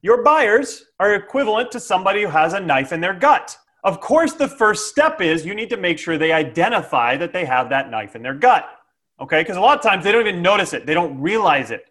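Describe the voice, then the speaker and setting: Sales coach, male, slightly high pitch, animated and playful, frequent "okay?". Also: fairly quick. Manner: lively, jokey, with frequent "okay?" check-ins. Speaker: sales trainer. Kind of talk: instructional sales talk.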